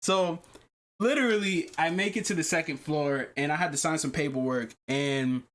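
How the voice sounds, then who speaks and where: A man hosting a podcast, telling a long personal story in casual chat, animated and profane, often repeating himself. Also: a little high, moderate pace. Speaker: podcast host.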